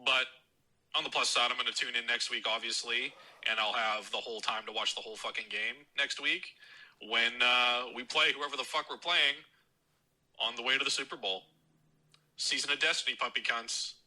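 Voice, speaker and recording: A man's voice: medium pitch, moderate pace, sharp tone, low-quality recording. A man leaving a voicemail, ranting about football and swearing constantly in a mocking, heated tone. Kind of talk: profane fan rant.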